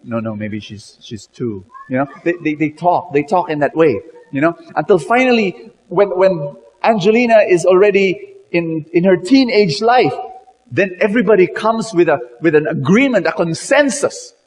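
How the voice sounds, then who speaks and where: A man's voice: sits high, animated, normal speed, big-room sound, low-quality recording. A man telling a story in a sermon, dramatic, with many repeated words and "you know"s.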